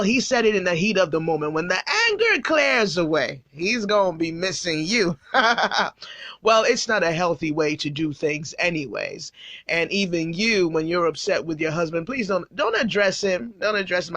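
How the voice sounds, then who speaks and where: Emphatic woman pastor, bright dry voice. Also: on the low side, normal speed, dry recording. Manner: emphatic, repeats phrases for stress. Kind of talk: Bible teaching sermon.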